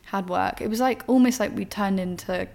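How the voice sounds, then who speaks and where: A woman's voice: medium pitch, normal speed, darkish tone. A young woman, a podcast host candidly telling a personal story in an emotional, rambling way. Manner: emotional, rambling, frank with swearing.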